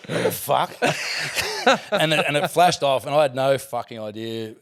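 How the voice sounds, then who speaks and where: Australian man, forties, podcast guest, mid-pitched voice, laughing and swearing through his stories. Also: measured pace, clear, resonant tone. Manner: laughing, swearing, animated anecdotes. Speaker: podcast guest, former footballer. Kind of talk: casual storytelling.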